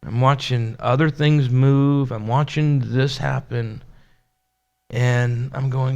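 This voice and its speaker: A man's voice: medium pitch, fairly even intonation, takes it slowly, gravelly, darkish tone, lo-fi sound. A man, a pastor, telling a personal story in a conversational sermon, acting out the dialogue and laughing now and then. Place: church.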